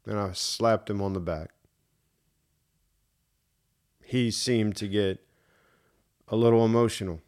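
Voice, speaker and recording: A man's voice: fairly low pitch, steady tone, slow, long pauses, darkish tone. A middle-aged man hosting a solo podcast and telling a story in an earnest, emphatic way, repeating his key points. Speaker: podcast host. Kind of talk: reflective solo podcast monologue.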